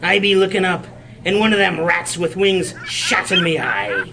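A man voicing a gruff old male sea pirate with a hook, speaking in pirate dialect and saying "me" for "my". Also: high-pitched, sing-song, normal speed, background noise. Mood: storytelling.

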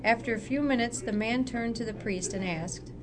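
A woman reading a joke aloud in a slow, deliberate way. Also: on the high side, music in the background. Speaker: joke reader.

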